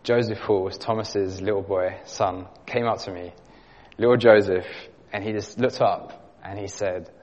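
Preacher in an echoing church. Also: male voice, on the low side, fairly even intonation, unhurried, a little mellow. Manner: earnest storytelling with light laughs. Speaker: youth leader preaching. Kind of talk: sermon with story and prayer. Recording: dull lo-fi sound with long hall reverb.

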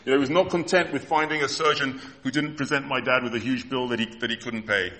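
A man's voice: medium pitch, fairly even intonation, quick pace, bright, forceful tone. A man in his fifties preaching an impassioned, emotional sermon.

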